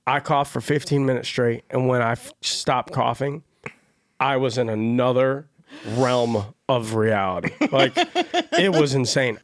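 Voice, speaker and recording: A young man, a guest on a podcast, telling stories in a relaxed way and saying "bro" a lot. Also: mid-range voice, unhurried, dry recording. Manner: relaxed storyteller, says "bro". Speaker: guest artist. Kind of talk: casual chat.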